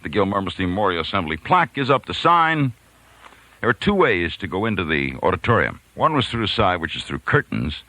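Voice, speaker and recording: A man's voice: deep voice, fairly quick, low-quality recording. A man, a radio host from New York, telling a long funny story and acting out the voices of the people in it. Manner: animated storyteller, acts out voices, laughs mid-story. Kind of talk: storytelling monologue.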